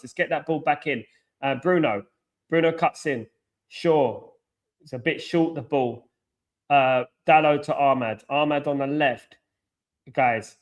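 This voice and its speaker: A young man hosting a live fan watchalong, chatting with viewers and reacting loudly to the football match, swinging from groans to shouts. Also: a little high.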